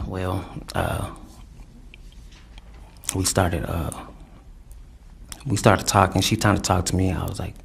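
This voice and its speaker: A man testifying in court, telling his story in a rambling, halting way full of fillers and restarts. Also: deep voice, fairly even intonation, gravelly, a little hiss or hum. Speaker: defendant testifying.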